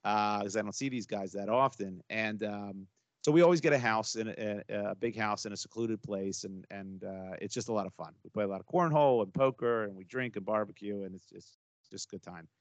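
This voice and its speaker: A man's voice: on the low side, fairly quick, no room sound. A middle-aged man co-hosting a podcast, telling a story in casual banter with lots of fillers and restarts. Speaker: podcast co-host. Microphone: close podcast mic.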